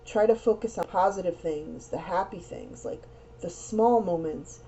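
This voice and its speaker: Earnest woman giving a mellow, rambling card reading. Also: on the low side, unhurried. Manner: earnest, rambling, repeats words. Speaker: tarot reader. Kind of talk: casual spiritual card reading. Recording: dull lo-fi sound with faint noise.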